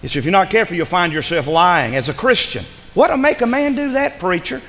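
Male pastor, high and animated, bright ringing tone, echoing sanctuary, fervent sermon. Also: a little fast. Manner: preaching with rising fervor, call-and-response amens. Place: church sanctuary. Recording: long hall reverb.

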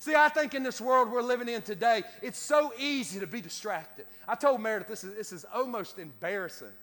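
Preaching as a pastor, a man with an extremely high, fairly bright voice speaks a little fast. He stammers, repeats words and restarts phrases as he builds toward a preacher's cadence, with long hall reverb around him.

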